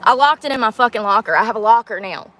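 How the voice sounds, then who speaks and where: Girl going off on a live stream, cussing a lot, kinda high voice. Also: fast, a bit bright, a little hiss or hum. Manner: frustrated, swearing, rambling. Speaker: livestreamer. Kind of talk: casual livestream rant.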